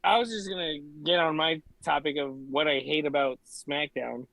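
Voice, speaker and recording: A man's voice: on the high side, fairly even intonation, moderate pace, vocal fry, a bit bright, rough recording. A man co-hosting a casual podcast chat over a video call, laid-back and swearing freely. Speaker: podcast co-host.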